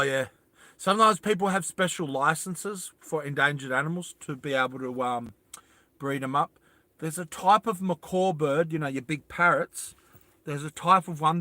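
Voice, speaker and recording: A man with a bright, somewhat high voice hosts a live stream. He chats with viewers in a loose, rambling, self-deprecating way, full of fillers. The sound is dry and close, with no room echo. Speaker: livestream host. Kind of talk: casual live chat reading viewer comments.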